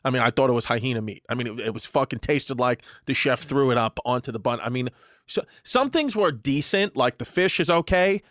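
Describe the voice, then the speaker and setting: A man's voice: mid-range voice, lively intonation, a little fast, a bit bright, no echo, studio quality. A man co-hosting a comedy podcast, telling stories in a playful, rambling way with many fillers. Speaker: podcast co-host. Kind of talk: casual comedic banter.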